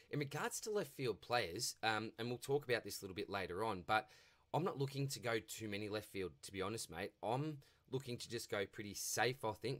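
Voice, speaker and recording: A man's voice: on the low side, fairly bright tone. A man with an Australian accent hosting a casual viewer Q&A, chatty and matey as he answers questions. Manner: chatty and matey, often says mate. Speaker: fantasy football channel host.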